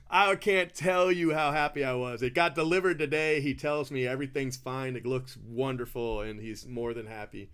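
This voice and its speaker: A man's voice: medium pitch, clean tone. Casual male card breaker, chatty storyteller, mid-range voice, laughs easily. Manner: chatty, says bro and you know a lot, laughs often.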